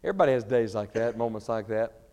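A man preaching a sermon, swinging between shouted fervor and quiet storytelling. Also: fairly low pitch, quick pace. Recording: reverberant large hall.

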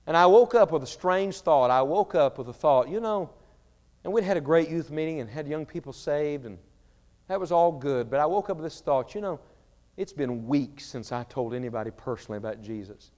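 A man preaching a sermon, swinging between shouted fervor and quiet storytelling. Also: a little high, expressive, fairly quick. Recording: reverberant large hall.

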